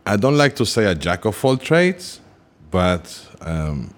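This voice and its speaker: A man as a podcast guest in a casual interview, relaxed and joking about himself. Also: sits low, measured pace.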